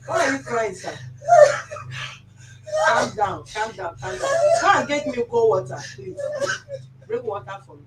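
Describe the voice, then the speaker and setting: A woman's voice: mid-range voice, lively intonation, measured pace, long pauses, very noisy. A Nigerian woman hosting a mediation session, firm and lecturing, giving commands. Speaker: mediator host. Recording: roomy office sound from a distance.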